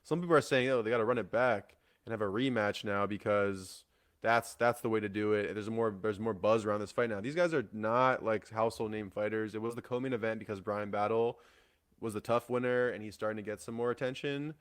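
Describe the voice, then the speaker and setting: A man's voice: lowish voice, steady tone, fairly quick. A man hosting a solo fight-news show, rambling in a casual way with lots of fillers, restarts and swearing. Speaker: MMA podcast host.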